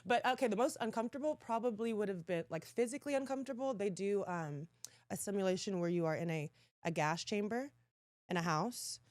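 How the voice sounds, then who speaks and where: A woman in her thirties tells stories as a podcast guest, lively and quick to laugh. Her voice sits a little low for a woman. The sound is close and dry on a studio mic. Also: no room sound. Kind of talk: casual chat, animated storytelling.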